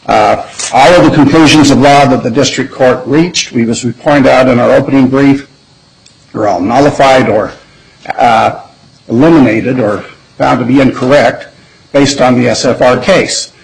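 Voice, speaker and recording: A man presents a legal argument to appellate judges in a mid-pitched, ordinary voice. He speaks in a measured, deliberate way and often backs up to restart his phrases. His tone stays formal and courtroom-bound throughout. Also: vocal fry, rough recording. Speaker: attorney.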